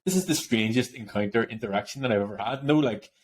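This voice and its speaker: A man co-hosting a casual podcast chat, telling stories in an animated way and laughing often. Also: medium pitch, fast. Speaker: podcast co-host.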